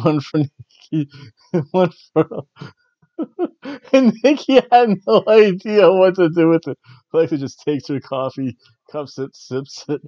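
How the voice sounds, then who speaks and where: A man's voice: a little high, mellow, no echo, highs cut off. A man hosting a podcast, giving a casual, rambling recap of a wrestling show and chuckling often. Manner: rambling, chuckling, slightly awkward. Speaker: podcast host.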